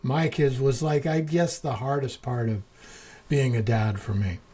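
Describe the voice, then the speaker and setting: A man's voice: mid-range voice, a little slow, dark tone, slightly rough. Man hosting a chill talk show, reflective and a bit wordy, average voice. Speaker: podcast host. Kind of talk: casual interview conversation.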